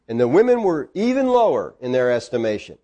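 A man preaching a sermon, animated and acting out the voices of the people in the story. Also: medium pitch, a little fast, highs cut off.

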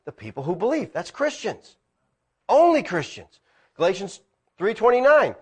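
Middle-aged guy preaching, kinda high voice, super lively, loud peaks then quiet asides. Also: normal speed, slightly rough. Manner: preaching with swings between loud emphatic peaks and low asides. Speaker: pastor. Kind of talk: sermon.

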